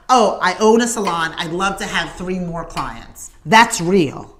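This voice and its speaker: A woman's voice: medium pitch, fairly bright tone. Woman, morning show host; emphatic motivational delivery, conversational. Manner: emphatic, preacherly, with conversational asides and laughs.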